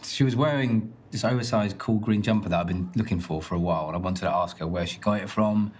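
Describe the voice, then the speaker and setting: Deep-voiced teasing actor as a young man on a date. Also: quick pace, slight background noise, close to an everyday voice. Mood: apologetic.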